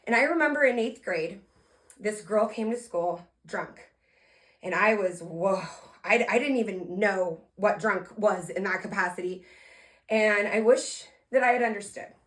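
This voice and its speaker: A woman podcast host telling a story from her talk to students in an energetic motivational style, with sudden loud emphasis, soft earnest asides and direct questions to her listeners. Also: mid-range voice, unhurried. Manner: talks to listeners directly, asking them to respond.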